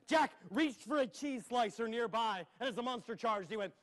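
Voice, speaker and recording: A man's voice: extremely high pitch, expressive, moderate pace, a bit bright. A man telling a playful tale to children at a library, with sound effects and asides. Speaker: storyteller. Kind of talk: live storytelling for children. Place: public library.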